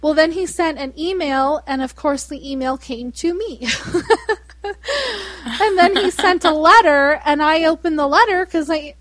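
High-voiced woman, laughing storyteller. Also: dry recording. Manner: animated storyteller, laughs often, mimics callers. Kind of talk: casual chat.

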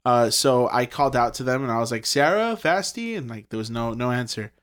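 On a podcast, a young male guest tells a long personal ghost story in casual conversation, his speech rambling with constant fillers and frequent swearing. His voice sits at an ordinary male pitch, with a level tone and fast, smooth delivery.

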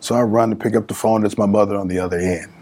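A middle-aged man from California telling a personal story in an interview, acting out quoted voices with lively pitch swings. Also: quick pace. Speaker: guest author.

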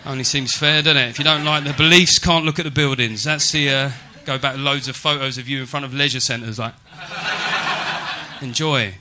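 A man's voice: mid-range voice, moderate pace, background noise. A man performing a stand-up set in a comedy venue, brash and swearing with mock-serious asides.

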